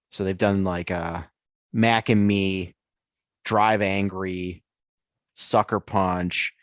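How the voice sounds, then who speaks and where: A man's voice: lowish voice, no echo. A man co-hosting a sports podcast in casual chat, easygoing and hesitant, with many ums. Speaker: podcast co-host.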